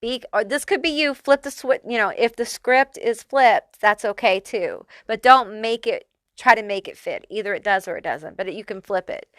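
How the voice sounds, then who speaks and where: A woman's voice: on the high side, moderate pace, a bit bright, no echo. A woman giving a casual pick-a-card tarot reading, chatty and loose, swearing freely and using lots of fillers. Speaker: tarot reader.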